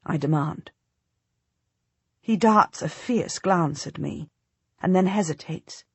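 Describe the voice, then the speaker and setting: A woman reads a first-person historical audiobook with measured, dramatic storytelling. Her voice is slightly breathy, and the recording is dry and close. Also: sits low, no room sound. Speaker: narrator.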